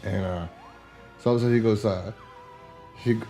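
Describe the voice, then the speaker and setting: A man's voice: fairly low pitch, a little fast. Male co-host, chatty storyteller, does voices, laughs a lot, faint music under. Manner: animated storyteller, acts out characters, laughs often, swears. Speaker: podcast co-host. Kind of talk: casual chat retelling a TV episode.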